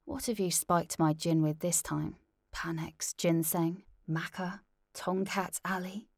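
A woman's voice: on the low side, fairly even intonation, slow pace, no echo, clean studio sound. Woman voicing a weary man, half-whispering. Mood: muttering. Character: weary middle-aged man, hushed and muttering.

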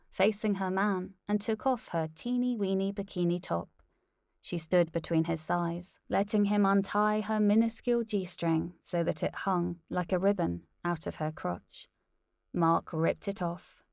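A woman narrating a novel aloud in a measured, deliberate way. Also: fairly low pitch, creaky, dry recording, studio quality.

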